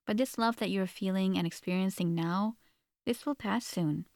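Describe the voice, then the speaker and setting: A woman voicing a gentle sister-in-law who gives advice slowly and wistfully. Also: mid-range voice, dry recording, clean studio sound, natural voice.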